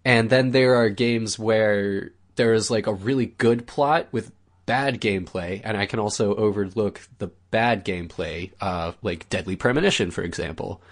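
A man's voice: lowish voice, normal speed. An American man co-hosting a casual podcast, easygoing, laughing often and leaning on fillers. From United States. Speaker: podcast co-host asking questions.

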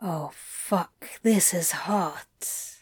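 A woman voicing a flustered, sardonic male demon, her lines low and murmured, in a slow delivery. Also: lively intonation, darkish tone, no echo, clean studio sound.

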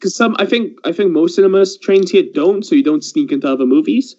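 A man from England telling a story in casual podcast chat, animated and swearing a lot. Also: sits high, fairly quick. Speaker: podcast host. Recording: dull lo-fi sound.

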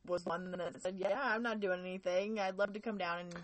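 A woman's voice: on the low side, steady tone, brisk. A young woman co-hosting a podcast in casual, candid conversation, laughing easily. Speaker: podcast co-host. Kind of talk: casual chat.

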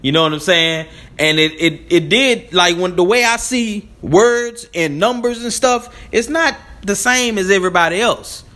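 A man's voice: high-pitched, moderate pace, few pauses, bright, forceful tone. A man hosts his own commentary channel. His talk is loose and conversational. He laughs often and keeps checking in with "you know what I'm saying". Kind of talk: casual spoken commentary.

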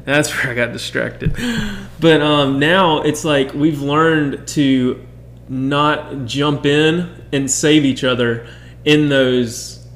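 A man's voice: fairly high pitch, steady tone, slow pace, a bit bright, reverberant. A man co-hosting a casual talk about parenting with his wife, rambling with many restarts and quoted asides. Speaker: podcast co-host. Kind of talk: casual chat.

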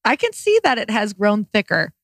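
A woman's voice: mid-range voice, wildly swooping pitch, moderate pace, vocal fry, fairly bright tone, dry recording, studio quality. A woman hosting a podcast in casual chat, playful and jokey, often giggling. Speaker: podcast host.

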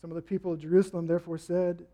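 Male pastor, high voice, animated preaching delivery that acts out the people he quotes. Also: racing. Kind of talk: sermon.

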